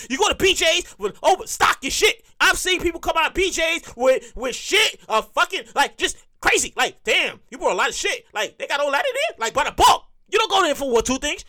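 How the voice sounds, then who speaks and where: A man hosting his own comedy show, telling a profane, excitable rant full of repeated lines. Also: very high voice. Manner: profane, excitable ranting with lots of repetition.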